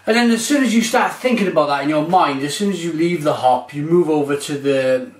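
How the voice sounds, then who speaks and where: A man's voice: fairly high pitch, a little fast, roomy sound. A man reviewing beer on his vlog, gushing and exclamatory as he describes it.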